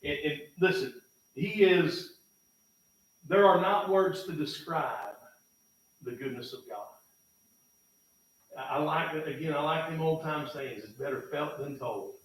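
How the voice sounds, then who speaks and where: A man preaching a sermon in a church, folksy and emphatic, swinging from loud bursts to low, quiet lines. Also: animated, a little slow, pauses often. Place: church sanctuary. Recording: echoey church from far off, faint noise.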